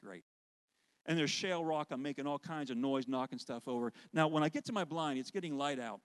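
A worship leader preaching with lively, conversational storytelling. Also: male voice, fairly high pitch, fairly quick, clean tone. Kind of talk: sermon storytelling.

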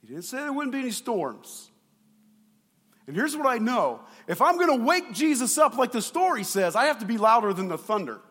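High-voiced pastor guy, super animated sermon, bright sound. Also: in a large hall. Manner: animated and playful, acts out voices.

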